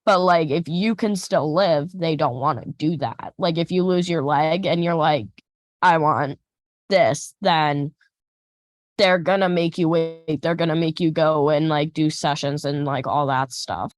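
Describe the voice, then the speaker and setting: Female student, deep voice, dry close sound, loose casual talk. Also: a little slow, dry recording. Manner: casual, full of "like".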